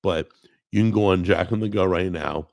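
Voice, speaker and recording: A man's voice: low-pitched, normal speed, gravelly, a little mellow, dry recording. A man hosting a live stream, chatting casually and rambling, greeting people in the chat and often correcting himself. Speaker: host.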